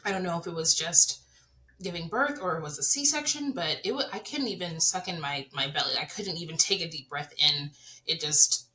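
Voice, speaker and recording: A woman's voice: medium pitch, pushed and bright, low-quality recording. A woman in her thirties hosting a podcast, talking earnestly and candidly to her listeners about her own life. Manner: earnest, confessional, addresses listeners directly. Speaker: podcast host. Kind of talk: candid personal chat.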